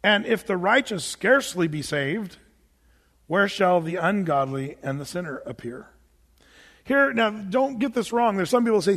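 A man's voice: high voice, animated, normal speed, a bit bright, in a large hall. A middle-aged male pastor preaching a sermon in a church, reading scripture aloud and talking to his congregation in a conversational, joking way. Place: church sanctuary.

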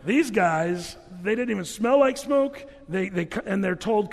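High-voiced preacher in a reverberant hall. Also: male voice, expressive, normal speed, gravelly, few pauses. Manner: conversational, humorous storytelling preacher. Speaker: pastor. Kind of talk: sermon.

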